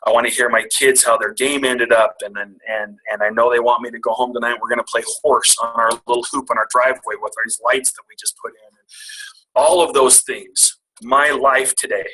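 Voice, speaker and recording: A middle-aged man with a bright, forward tone tells a personal story in a candid, self-deprecating way. He builds it toward a motivational point, speaking at an even, medium pitch. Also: brisk, poor audio. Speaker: guest speaker. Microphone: call audio.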